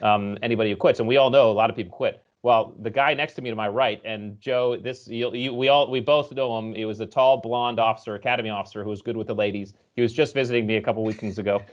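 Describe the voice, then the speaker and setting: A man being interviewed as a guest author, explaining ideas and telling stories in a lively conversational way. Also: mid-range voice, quick pace, hardly any pauses, highs cut off. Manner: storytelling, explanatory, animated when recounting.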